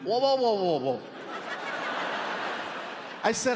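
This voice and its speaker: A man in his late thirties telling stand-up stories in an animated, loud, playful way on a large theater stage. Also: high-pitched, fairly quick. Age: 30s. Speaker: stand-up comedian. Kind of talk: stand-up storytelling. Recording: echoey hall with crowd noise.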